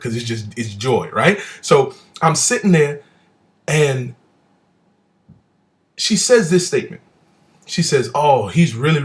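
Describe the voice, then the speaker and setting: A man telling a personal story about a church visit at home, acting out the people he quotes with big swings between loud and soft. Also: mid-range voice. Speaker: speaker recounting a church visit. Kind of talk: animated personal testimony.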